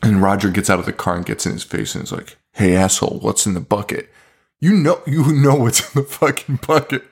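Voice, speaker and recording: A man's voice: medium pitch, animated, quick pace, husky. A man co-hosting a podcast, recapping a bad horror movie in casual chat, swearing freely and laughing often. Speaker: podcast co-host.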